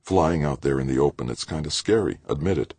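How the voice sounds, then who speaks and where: A man voicing a stubborn, quick-tempered young woman astronomer in an audiobook, indignant and defiant. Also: creaky, darkish tone, slightly rough, no room sound, full character voice. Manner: indignant, defiant, rising to shrill outbursts. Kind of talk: audiobook character voice.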